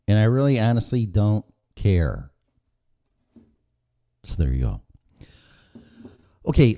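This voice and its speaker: A man's voice: low voice, dark tone. A middle-aged man hosting a casual live-stream show, rambling and sarcastic with frequent swearing. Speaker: podcast host.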